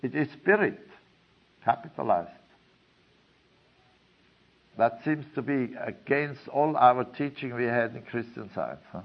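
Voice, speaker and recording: A man giving a lecture in a slow, deliberate way, pausing often with fillers. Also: mid-range voice, creaky. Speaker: teacher of a study course. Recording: dull lo-fi recording.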